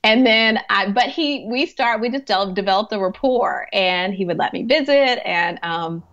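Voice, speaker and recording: A grief coach who also works as a hospice chaplain recounts stories during a podcast interview. She's chatty, laughs a lot, and leans on "like" constantly. Her medium-pitched voice has a fairly bright tone at a moderate pace, and the recording sounds dull.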